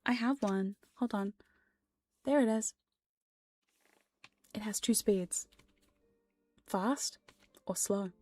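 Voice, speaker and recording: A woman streamer talking in a soft, rambling whispered role-play, playful and prone to swearing. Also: medium pitch, takes it slowly, long pauses, no echo, faint music behind. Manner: frequent laughs and swearing. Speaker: ASMR streamer. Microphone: binaural ASMR microphone.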